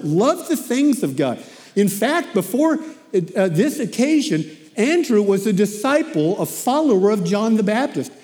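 Animated, high-voiced male preacher. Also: big-room sound. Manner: animated storytelling, repeats himself. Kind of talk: sermon.

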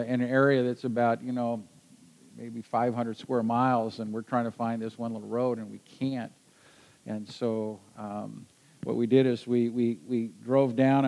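A man recounting a personal adventure to a listener in a lively, halting way. He backtracks and restarts often as he builds the story, his pitch sitting in a middle range. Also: rough recording.

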